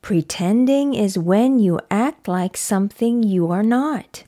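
A woman voicing a cheerful, playful girl pig in a slow, lively children's picture book read-aloud. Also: mid-range voice. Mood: reassuring.

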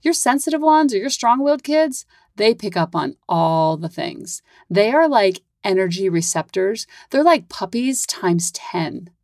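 A woman's voice: medium pitch, big pitch swings, measured pace, darkish tone, dry recording, studio quality. A woman hosting her own parenting podcast, chatting casually in a Valley-girl-ish way full of "like". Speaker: podcast host and parent coach.

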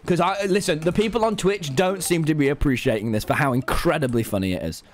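A British man streaming a game, loud and excitable, swearing and breaking into shouts. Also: fairly high pitch, quick pace. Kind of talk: chaotic gaming banter.

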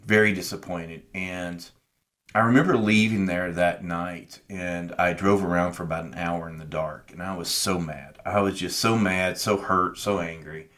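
A man's voice: low-pitched, a little slow, fairly bright tone. A middle-aged man co-hosting a podcast, telling a personal story in an earnest, reflective way and acting out his past conversations. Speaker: podcast co-host.

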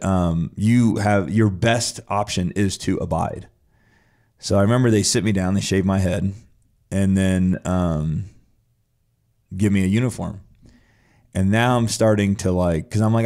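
Low gravelly man telling a blunt story. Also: darkish tone. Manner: blunt and profane, acts out his own past reactions. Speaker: podcast guest telling his story. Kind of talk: casual storytelling conversation.

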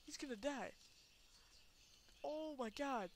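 A woman giving let's play commentary, excitable, laughing and shrieking, cursing at the game. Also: sits high, slow, a little hiss or hum. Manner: swears and exclaims at the game. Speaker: gameplay commentator.

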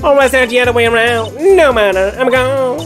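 A woman's voice: on the high side, fairly quick, music in the background, close to an everyday voice. A woman voicing a brash, cheeky female photographer with a put-on Southern US drawl, folksy and sassy.

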